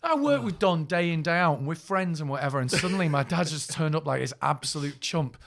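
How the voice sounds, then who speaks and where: A man co-hosts a podcast in loose, casual chat. His voice sits a little high and moves up and down with lots of life. He swears and laughs as he tells his stories. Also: fairly quick, gravelly. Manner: animated, swearing, laughing storyteller. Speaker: podcast co-host.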